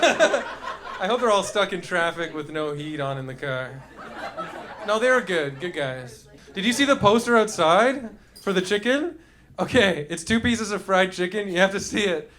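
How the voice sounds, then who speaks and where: Animated, high-voiced male stand-up comic. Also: measured pace, slight background noise. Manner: loose, rambling, profane, yelps and sound effects. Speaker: stand-up comedian. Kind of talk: stand-up riffing with the audience. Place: comedy club stage with live audience.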